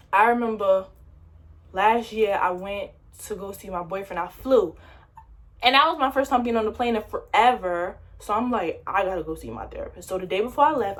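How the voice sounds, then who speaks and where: A young woman telling a personal story to camera in a casual, slangy way. She acts out what she said, with louder, higher bursts. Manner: animated retelling, quoting herself in louder, higher bursts; slangy, conversational. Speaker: vlogger.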